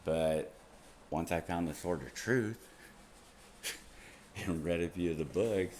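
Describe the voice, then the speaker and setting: A man's voice: low-pitched, slow, a little mellow, slight background noise. A young man talking to camera in a rambling, casual monologue, laughing often and swearing freely. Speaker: vlogger.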